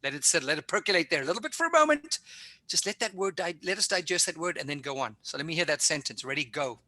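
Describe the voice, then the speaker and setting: A man with a somewhat high voice leads an online public-speaking workshop over video, talking fast in an energetic, emphatic, directive way. The recording has no echo.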